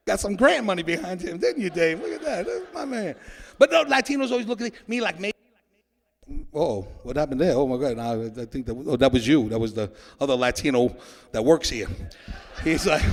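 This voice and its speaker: A man's voice: high-pitched, fairly bright tone. A man performing a stand-up comedy set, joking and riffing with an audience in a church hall.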